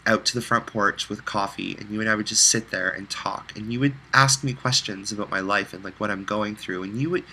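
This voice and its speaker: A man's voice: on the low side, fairly even intonation, a little fast, hardly any pauses, sharp tone, a little hiss or hum, poor audio. A man recording a heartfelt, rambling personal video message, close to tears at times.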